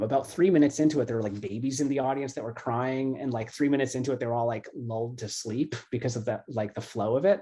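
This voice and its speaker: A middle-aged man with a warm, mellow voice teaches a class in a loose, conversational way. He drifts through "um" and "kind of" as he explains, and his pitch sits in a middle range for a man. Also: slightly rough. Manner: casual and chatty, heavy on fillers like "um" and "kind of". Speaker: classics professor. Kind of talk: casual online lecture.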